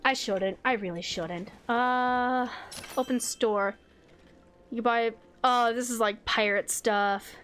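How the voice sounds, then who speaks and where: A woman streaming a video game, chatting casually, reading menu items aloud, getting excited and swearing freely. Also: fairly high pitch, slow pace, a little hiss or hum.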